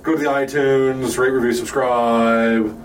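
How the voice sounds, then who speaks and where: A man's voice: mid-range voice, fairly even intonation, a little slow. Rambling, crude podcast host man. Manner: rambling, crude, laughs often. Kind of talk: casual comedy podcast chat. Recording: distant mic, faint room noise.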